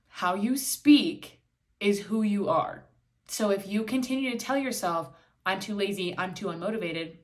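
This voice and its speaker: A young woman hosting a solo podcast, talking candidly and bluntly, swearing freely and acting out quoted voices, filming herself indoors. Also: fairly low pitch. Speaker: podcast host.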